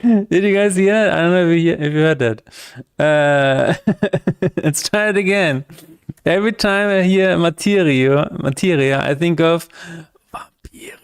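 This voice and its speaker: A man's voice: fairly high pitch, moderate pace, clear, resonant tone. A man from Austria, speaking English, chatting casually on a game-development livestream and laughing often. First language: German. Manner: chatty, laughs often, reads chat aloud.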